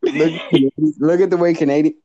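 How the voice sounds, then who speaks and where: A male podcast host chatting casually, his voice dark and mellow. He talks in loose slang and swears freely. The audio is dull and lo-fi. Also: fairly high pitch, fairly even intonation, moderate pace. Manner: slangy, profane, laid-back.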